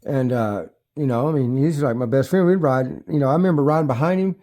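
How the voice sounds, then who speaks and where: A man's voice: mid-range voice, a little fast, warm tone. Man in his fifties, profane, rambling, restarting sentences, casual home vlog. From United States. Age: 50s. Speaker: e-bike vlogger. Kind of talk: casual rambling talk to camera. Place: at home near his bikes.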